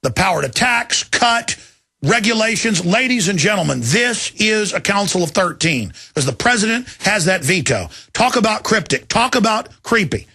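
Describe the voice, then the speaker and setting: A man's voice: sits high, sing-song, moderate pace, vocal fry, bright, forceful tone, breathy edge. A middle-aged man hosting a talk radio show, emotional and alarmed as he reads news quotes aloud. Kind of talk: agitated talk radio monologue.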